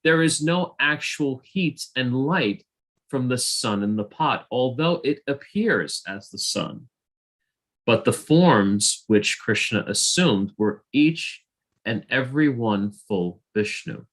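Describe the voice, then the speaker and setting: A man reading scripture aloud slowly and deliberately in an online study group, heard over a video call. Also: medium pitch, expressive, fairly bright tone.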